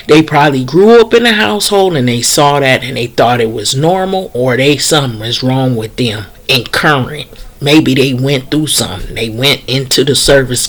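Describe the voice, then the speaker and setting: A woman's voice: low-pitched, fairly bright tone. Blunt, impassioned woman vlogger. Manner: blunt, impassioned, plainspoken with slang. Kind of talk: opinion vlog commentary.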